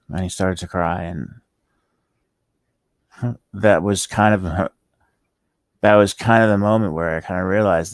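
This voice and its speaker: Very deep-voiced man with slurred speech. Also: steady tone, no echo, studio quality. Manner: halting, rambling, with many restarts and pauses. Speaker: vlogger telling his life story. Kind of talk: emotional personal monologue.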